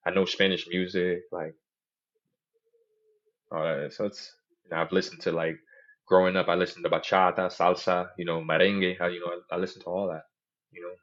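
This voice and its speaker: A man's voice: deep voice, flat delivery, brisk, long pauses, a bit bright, highs cut off. A man hosting a podcast in casual chat, telling stories animatedly and mimicking other people's voices in quotes. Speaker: podcast host.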